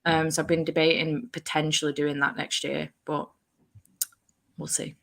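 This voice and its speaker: Woman host, low-pitched but bright, chatty, video call. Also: level tone, moderate pace, gravelly. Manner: chatty, laughs often. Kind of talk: casual chat.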